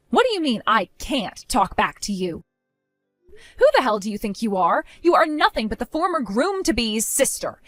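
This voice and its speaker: Woman narrating her story, angry and cold, lively pitch, dry close sound, soft music behind. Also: dry recording. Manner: cold, indignant, forceful. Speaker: narrator of a first-person story. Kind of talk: dramatic story narration with dialogue.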